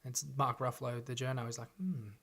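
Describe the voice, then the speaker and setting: A young man co-hosting a comedy podcast, excitedly throwing out ideas and acting out lines. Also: medium pitch, racing. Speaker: podcast co-host. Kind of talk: casual comedic chat, brainstorming.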